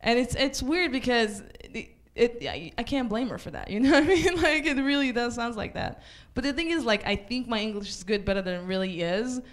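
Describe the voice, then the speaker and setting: Israeli woman doing dark open-mic stand-up. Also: fairly high pitch, lively intonation, brisk, hardly any pauses. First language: Hebrew. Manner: dark offhand jokes with many "like" fillers. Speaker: stand-up comedian. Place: small comedy club stage.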